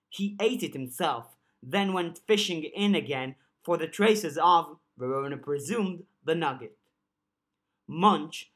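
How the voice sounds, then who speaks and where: A woman narrating a fan-made audiobook chapter in a measured, expressive way. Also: low voice, slightly rough. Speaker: audiobook reader.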